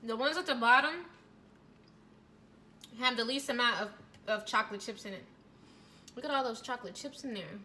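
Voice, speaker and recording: Bright high-voiced woman vlogger gushing. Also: moderate pace, long pauses, slight background noise. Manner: gushing, chatty, addresses viewers directly. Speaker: cooking vlogger. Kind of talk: casual recipe chat and taste test.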